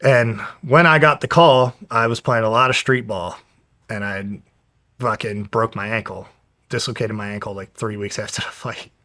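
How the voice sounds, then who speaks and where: A young man from New Jersey tells his story as an interview guest. His voice sits low and pushes hard and tense. He talks bluntly and swears all the time. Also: fairly even intonation, normal speed, sharp tone. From New Jersey, USA. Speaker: guest, professional fighter. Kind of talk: casual storytelling.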